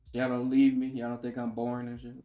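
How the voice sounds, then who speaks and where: A man's voice: mid-range voice, completely flat delivery, fast talker, phone-quality sound, soft background music. A man streaming casually while he draws, joking with his chat in slangy banter and laughing often.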